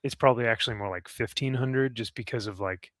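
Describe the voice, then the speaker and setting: A man's voice: mid-range voice, fast talker, fairly bright tone, no echo, clean studio sound. A man hosting a casual comic chat, rambling and upbeat, laughing often. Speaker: comic podcast host.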